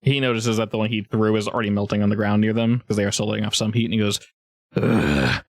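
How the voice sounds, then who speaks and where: A man's voice: on the low side, flat delivery, rapid-fire, dry recording. Man game master, rambling casual narration, dry recording. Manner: rambling, laughs often, many restarts.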